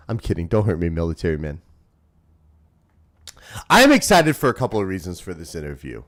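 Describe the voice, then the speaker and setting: A male streamer in his thirties, talking off the cuff to his live chat. His pitch jumps all over the place, from booming shouts down to quiet muttering, and he is crude and teasing throughout. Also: huge pitch swings, fairly quick, pauses often. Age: 30s. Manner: rowdy, profane, teasing, swings between loud shouts and low mumbles.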